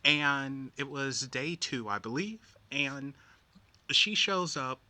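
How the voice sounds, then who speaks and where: A man's voice: mid-range voice, lively intonation, slow, bright, forceful tone, no room sound. A man from Texas with a Texan accent, co-hosting a casual chat, telling stories and reading out comments. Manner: easygoing storyteller, reads out comments. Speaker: co-host.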